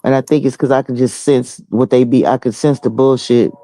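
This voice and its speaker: Blunt, mellow-voiced man in casual chat. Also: mid-range voice, steady tone, brisk. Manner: blunt, profane, laughs along.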